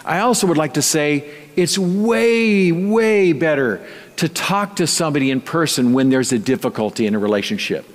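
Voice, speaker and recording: A man's voice: fairly high pitch, animated, normal speed. A male pastor preaching a sermon in a conversational, storytelling way with light touches of humor. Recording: long reverb.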